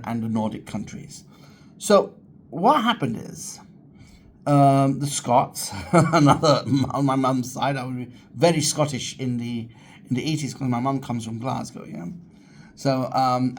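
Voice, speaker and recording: A man of ordinary pitch chats to camera about history, getting excited and rambling as he restarts his sentences. A faint hum of ambient noise sits behind his voice. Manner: rambling, enthusiastic, frequent restarts. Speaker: channel host, history enthusiast. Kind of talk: casual talk to camera.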